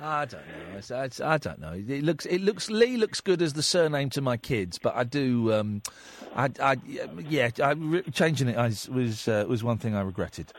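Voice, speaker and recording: A man's voice: mid-range voice, very animated, normal speed. A man hosting a late-night radio phone-in, joking with callers, full of restarts and mock voices. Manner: jokey, slips into mock advert voices and accents, many restarts. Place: radio studio. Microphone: studio microphone.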